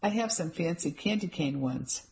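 A woman's voice: lowish voice, expressive, moderate pace, a little mellow. A woman voicing a short, tattooed male pawn shop salesman with chummy sales patter in an audiobook.

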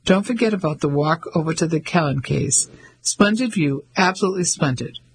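A man's voice: fairly high pitch, brisk, slight background noise, lightly acted, poor audio. A man reading the part of a bluff, opinionated older English colonel in an audiobook. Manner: bluff, opinionated, self-satisfied.

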